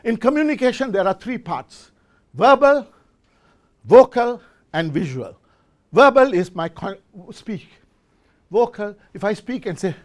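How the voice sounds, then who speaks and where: Speaking at normal speed, he uses a high-pitched, expressive voice. As a business forum speaker, the middle-aged man delivers a motivational talk in an event hall before a live audience, questioning the crowd and frequently starting his phrases over.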